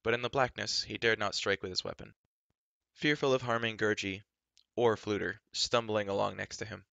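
Male storybook reader, low gravelly voice, dramatic read. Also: steady tone, normal speed, pushed and bright, dry recording, dull audio. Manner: dramatic narration. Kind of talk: live storybook reading.

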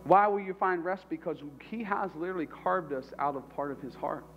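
A man's voice: high-pitched, a little fast, highs cut off, faint music behind. A man preaching a sermon as pastor, talking conversationally and animatedly and repeating his phrases.

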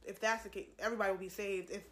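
A woman's voice: mid-range voice, fairly even intonation, racing, a bit bright. Earnest pleading young woman. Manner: earnest, repetitive, pleading, addresses viewers as y'all. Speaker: vlogger giving testimony. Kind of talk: religious testimony to camera.

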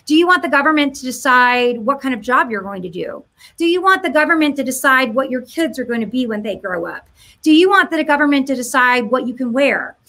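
A woman's voice: high-pitched, animated, a little fast, bright, forceful tone. A woman giving an impassioned monologue to camera, mocking, firing rhetorical questions and doing voices. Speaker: political commentator.

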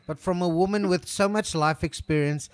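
A man's voice: sits high, moderate pace, clear, resonant tone. A man hosting a casual interview, gushing with praise and often repeating himself. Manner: effusive, repetitive "you know what". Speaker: host.

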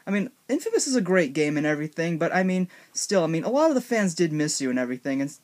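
A man's voice: a little high, big pitch swings, fast talker, a little mellow. A young man casually narrating a made-up story, rambling with many fillers and restarts.

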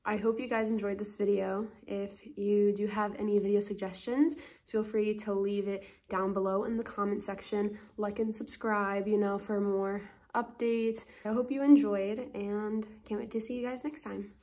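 A young woman talks straight to the camera in a relaxed beauty vlog. She chats in an easygoing way, with fillers, soft laughs and a friendly, everyday voice at a middle pitch. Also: moderate pace. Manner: chatty, with fillers and little laughs. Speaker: beauty vlogger. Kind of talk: casual vlog chat.

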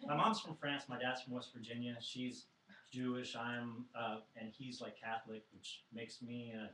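A man telling a comic personal story live to an audience in a house show, animated with self-deprecating asides. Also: mid-range voice, moderate pace, slight background noise. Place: living room of a house show before an audience. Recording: roomy, distant live recording.

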